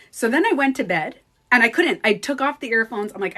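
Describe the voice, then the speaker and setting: Woman vlogger, fairly high voice, casual animated storyteller who curses freely. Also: moderate pace. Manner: animated, swears freely, acts out quoted speech. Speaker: beauty coach vlogger.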